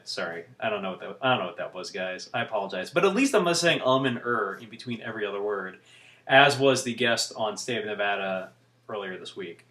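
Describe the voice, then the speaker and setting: A man's voice: on the low side, animated, a little fast, bright, forceful tone, roomy sound. A man vlogging to camera in casual, rambling chat, with wry asides as he talks.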